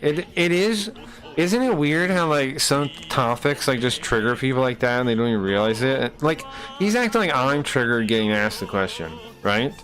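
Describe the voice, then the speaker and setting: A man's voice: medium pitch, a bit bright. Rambling, profane male streamer. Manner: rambling, profane, self-interrupting rants. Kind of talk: casual live-stream chat.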